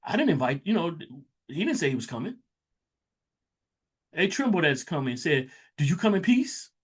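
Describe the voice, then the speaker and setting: A man teaching from scripture, his voice sitting a little high and swinging widely in pitch. He reads the verses with slow weight, then slips into loose, chatty explanations. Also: sing-song, breathy edge. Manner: reads verses slowly, then breaks into loose conversational asides. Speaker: Bible teacher. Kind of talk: scripture reading with casual commentary.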